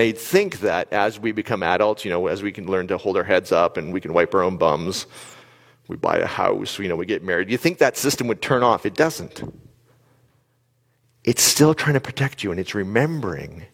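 A man giving a live talk to an audience, telling stories in an animated way and asking the crowd questions. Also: low voice, moderate pace, in a large hall. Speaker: speaker addressing an audience.

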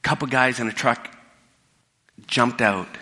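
With an unhurried pace and a medium-pitched voice that sounds pushed and bright, a middle-aged pastor preaches a sermon. His delivery is casual and story-driven, with frequent sentence restarts, and long hall reverb fills the church recording.

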